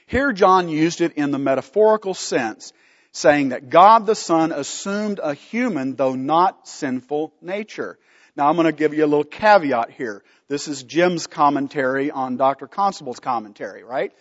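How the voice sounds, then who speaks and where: A man's voice: a little high, lively intonation, moderate pace, in a large hall, muffled recording. A man teaching a Bible study from slides, emphatic, putting questions to the class and answering them himself.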